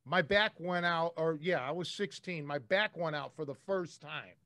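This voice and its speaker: A man's voice: a little high, moderate pace, bright, forceful tone, no room sound. A man hosting a podcast, telling stories casually in a blunt way and swearing freely. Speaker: podcast host.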